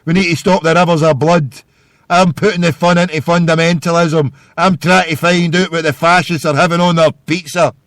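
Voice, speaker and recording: A man's voice: a little high, fairly even intonation, normal speed, fairly bright tone, no room sound, studio quality. A Scottish man hosting a live internet radio call-in show, ranting and hurling insults in a rambling way.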